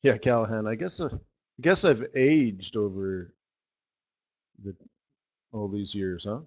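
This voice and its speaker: A man's voice: lowish voice, takes it slowly, darkish tone. Sarcastic man on dull lo-fi audio. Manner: sarcastic, joking, rambling asides with laughs. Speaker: forex market strategist hosting a live webinar. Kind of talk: live trading webinar commentary.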